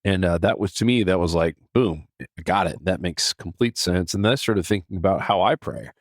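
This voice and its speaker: Middle-aged male podcast host, deep voice, dry close sound, earnest casual chat with restarts. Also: normal speed, no room sound. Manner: earnest, animated, many restarts and fillers. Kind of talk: casual devotional talk.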